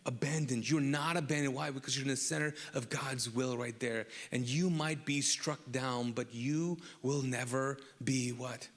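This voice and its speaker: A man's voice: medium pitch, fairly even intonation, normal speed, few pauses. A man preaching a sermon as pastor, speaking conversationally, restarting phrases and asking the congregation to fill in words. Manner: repeats words and asks the crowd to fill in answers. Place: church auditorium. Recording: long hall reverb.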